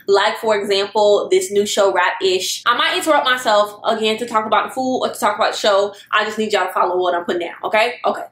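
A woman's voice: a little high, fairly bright tone. Chatty young woman, echoey room. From Florida, US. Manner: chatty, drawling, speaks to viewers as y'all. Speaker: vlogger. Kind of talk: casual chat to camera. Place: indoor room at home, seated at a table.

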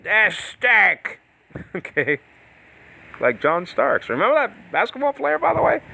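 A man's voice: high-pitched, huge pitch swings, measured pace, gravelly, sharp tone, slightly rough. A man teaching Bible Greek in a loose, rambling way, breaking off into tangents and laughing. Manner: rambling, self-interrupting, laughs often. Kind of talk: casual teaching talk with tangents.

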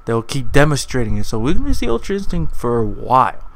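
A man's voice: medium pitch, sing-song, fast, vocal fry, rough recording. A man hosting his own video, talking casually and rambling, often correcting and repeating himself. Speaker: anime video host. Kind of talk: casual commentary vlog.

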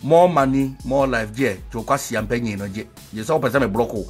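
A man with a Ghanaian accent, a spiritual leader preaching and promoting his products, singing out phrases and swinging from loud shouts to low murmurs. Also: quick pace, few pauses, husky, soft background music.

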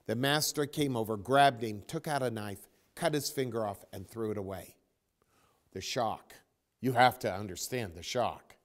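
A man giving a spiritual talk as a teacher, telling a story with dramatic pauses and dropping to a near whisper. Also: mid-range voice. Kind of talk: spoken dharma talk.

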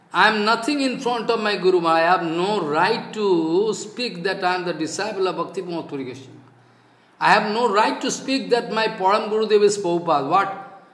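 A man's voice: sits high, a bit bright. Older man preaching in an echoey room. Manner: scolding, emphatic, quotes others in their voices. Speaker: spiritual teacher. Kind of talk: devotional talk with anecdotes.

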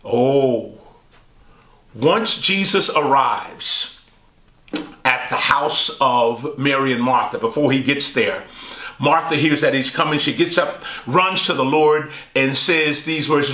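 A male pastor teaching a Bible study, swooping high on quoted lines and asking the listeners questions. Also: takes it slowly, sharp tone, echoey room.

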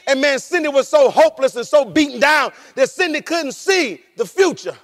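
Gravelly high-voiced preacher man. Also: normal speed, few pauses. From rural United States. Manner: animated storytelling preacher, shouting and dropping low by turns; laughs while preaching. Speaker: pastor. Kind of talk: sermon.

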